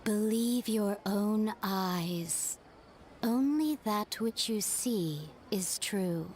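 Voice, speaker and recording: A woman voicing a languid, mysterious deity in video game dialogue, speaking in a flat, detached, unhurried way. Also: mid-range voice, a little hiss or hum. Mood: cryptic.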